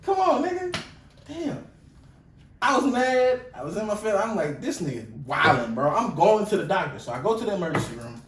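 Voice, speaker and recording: Young male co-host, animated profane storyteller, slightly high voice, distant from the mic, faint noise behind. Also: a little fast, reverberant. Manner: animated, profane, acts out quotes loudly. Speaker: podcast co-host. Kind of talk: casual storytelling chat.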